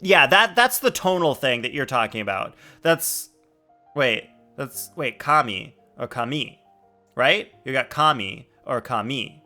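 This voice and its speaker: A man's voice: medium pitch, animated, unhurried, pushed and bright, faint music behind. A man live-streaming a video game, chatting casually and animatedly with his chat and laughing often.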